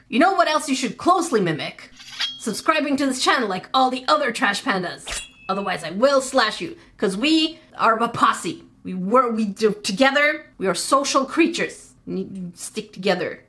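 An excitable woman with a slightly high voice plays a mobile baking game and narrates as she goes. She jokes playfully and lets out panicky exclamations. Faint music plays behind her. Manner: playful, jokey. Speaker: gaming YouTuber.

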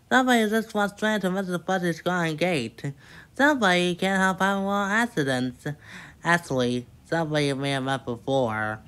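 A woman's voice: on the low side, expressive, moderate pace, fairly bright tone, clean tone. A woman reading a children's picture book aloud, with playful, chatty asides to the listener. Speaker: storybook reader.

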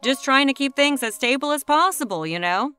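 A woman voicing an aging male literature professor in a storybook reading, with a light, feathery voice and a gentle way of talking. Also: high-pitched, expressive, brisk, soft background music, voice pushed up. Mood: fond.

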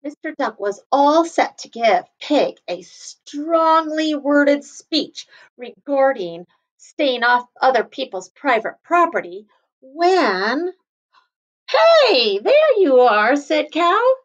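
A woman kindergarten teacher reading a picture book aloud to children, gently stopping to explain words. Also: high-pitched, expressive, slow, muffled recording.

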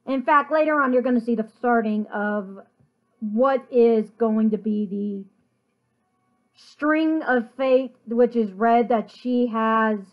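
Slow-talking woman, high voice, dull recording. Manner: slow, meandering, pausing to recall details. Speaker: artist and channel host. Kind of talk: casual chat about her artwork.

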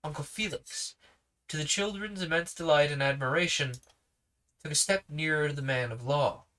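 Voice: medium pitch, normal speed, a bit bright. A sleepy reader narrating a children's novel aloud with casual asides. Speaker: podcast reader.

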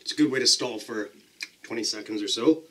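A man's voice: on the low side, a little fast, noisy background. A man casually talking to the camera as a pepper-eating vlogger, chatty and self-deprecating, describing the burn as it builds.

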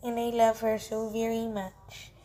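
A woman's voice: on the high side, monotone, a little slow, dark tone. A woman vlogging at home with a handheld camera, chatting in a rambling way with lots of fillers as she shows her cats. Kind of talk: casual home vlog. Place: at home, walking between rooms.

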